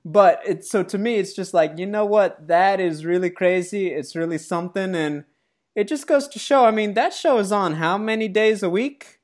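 This is a woman co-hosting a sports podcast in easy casual chat. Her voice sits at an ordinary middle pitch. She talks in a playful, joking way and stays animated. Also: moderate pace. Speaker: podcast co-host.

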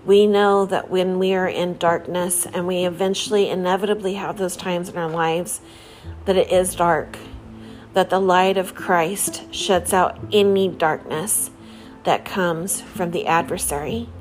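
A woman giving a devotional talk in an earnest, measured way, reading scripture passages aloud between her own reflections. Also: on the low side, steady tone. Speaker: religious speaker. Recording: faint music behind the voice.

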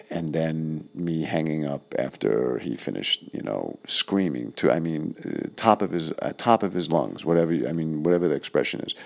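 A middle-aged man recalling an old friend in a casual, halting, reflective way with many pauses. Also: a bass voice, vocal fry. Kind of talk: casual personal recollection.

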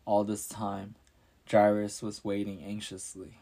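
A male storyteller reads a scripted story in a calm, measured way. His low voice moves slowly and stays level, with little rise or fall. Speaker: narrator.

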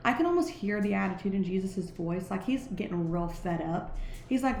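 A woman speaks in an earnest, conversational devotional reflection, her tone mellow and unhurried. She leans on fillers like "like" and "right" as she works through her thoughts. The recording sits in a reverberant room with a faint hum of background noise. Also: mid-range voice, expressive.

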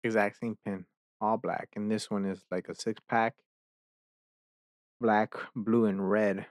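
A young man hosting a podcast, chatting casually and ranting with heavy profanity, quickly exasperated. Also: lowish voice, little pitch movement, no room sound. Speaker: podcast host. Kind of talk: casual chat.

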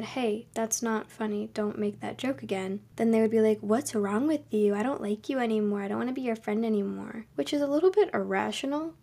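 A young woman hosting a podcast, giving advice in a calm, earnest, conversational monologue. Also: fairly high pitch. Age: young adult. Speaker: podcast host.

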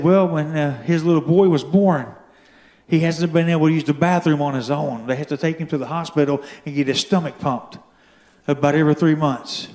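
A man telling a story from his own life as a testimony during a sermon, building to shouted fervor. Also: fairly high pitch, reverberant. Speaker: guest speaker giving testimony. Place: church.

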